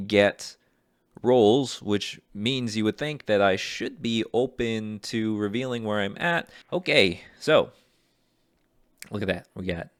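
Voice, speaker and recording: A man's voice: on the low side, no room sound, clean studio sound. A young man rambling hesitantly and self-deprecatingly as he browses voice acting jobs in a casual vlog. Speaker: aspiring voice actor. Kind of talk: casual screen-share vlog.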